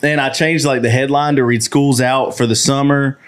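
A young man recounting a story with lots of laughter, his voice sitting at an ordinary male pitch. His telling is casual and animated, and he cuts himself off to laugh before pushing on. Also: moderate pace, smooth. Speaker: podcast guest.

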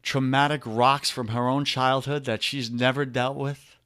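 A man's voice: medium pitch, flat delivery, unhurried, fairly bright tone, clean tone, no room sound, clean studio sound. A man with a New York accent, a guest on a podcast interview, coaching listeners in an emphatic, preachy way and calling them brother.

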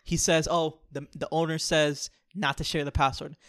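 A man co-hosting a podcast, telling a long comic story in an animated, joking way. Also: on the high side, normal speed, no echo, clean studio sound. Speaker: podcast co-host. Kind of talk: casual storytelling chat.

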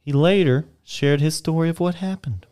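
A man's voice: fairly high pitch, moderate pace, dark tone, clear, resonant tone. A young man casually reading old newspaper history on a podcast, with playful asides and the odd put-on voice.

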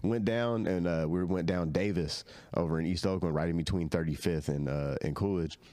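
A man's voice: low-pitched, normal speed, no room sound. A man telling rowdy, profanity-laced stories in a casual podcast chat, laughing and acting out the voices of the people in them. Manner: lively, laughing, acts out voices in his stories. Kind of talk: casual chat, swearing storytelling.

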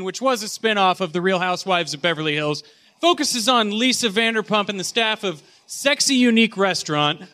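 Host: man, high bright voice, crisp, deadpan mock-professor on a live panel. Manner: deadpan, mock-academic delivery. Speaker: podcast host. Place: convention panel room with live audience.

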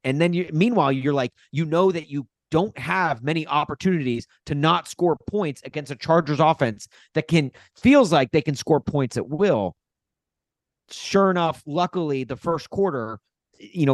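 A man co-hosting a sports podcast, telling stories in a rambling, exasperated, animated way. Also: mid-range voice, no echo. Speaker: podcast co-host. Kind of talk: casual sports podcast chat.

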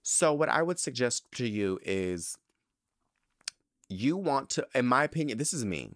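A young man hosting a podcast, telling a story in a sassy, animated way with lots of emphatic repetition. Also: mid-range voice, measured pace, no echo, clean studio sound. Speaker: podcast host. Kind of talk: casual podcast monologue.

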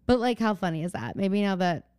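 A young woman co-hosting a podcast, with a smooth, clear voice that leaps up and down as she talks. She is playful and teasing and swears casually. The sound is dry and close. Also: mid-range voice, animated, fairly quick, a little mellow, dry recording. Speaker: podcast co-host. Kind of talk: casual chat.

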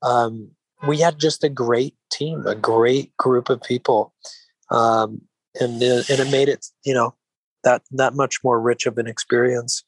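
Man, actor interview guest, mellow and even-keeled, rambling restarts, dead dry sound. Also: medium pitch, a little slow, husky, no echo, rough recording. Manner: rambling with frequent restarts and "you know". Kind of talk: relaxed interview conversation.

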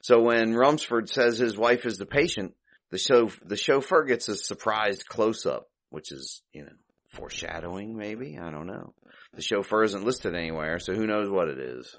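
A man's voice: lowish voice, expressive, moderate pace, a bit bright. A man hosting a podcast, casually recapping an old comedy short, chuckling and thinking aloud as he goes. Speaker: podcast host.

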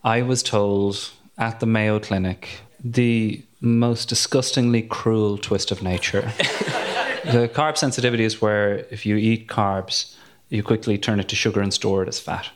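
A man's voice: lowish voice, fairly even intonation, measured pace. An Irish man and comedian telling a wry, self-mocking story in a podcast conversation. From Ireland. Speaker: comedian guest.

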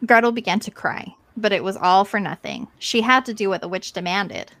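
A woman's voice: medium pitch, expressive, fairly quick, fairly bright tone, no echo. Woman reading a tale, dry close sound. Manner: reads aloud and breaks off often to joke and comment. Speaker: podcast co-host reading a fairy tale aloud. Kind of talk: casual read-aloud with banter.

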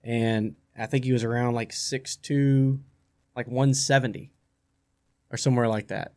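A man hosting a radio sports talk show in a studio, chatting casually and rambling, often repeating his words as he gets excited. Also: mid-range voice, measured pace.

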